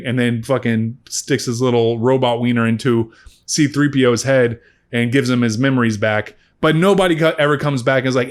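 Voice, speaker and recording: A man talks through a film in a loose, rambling vlog review. His voice sits at an ordinary middle pitch, and he swears freely and jumps into animated asides as he goes. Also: brisk. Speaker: movie reviewer. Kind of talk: casual spoken review.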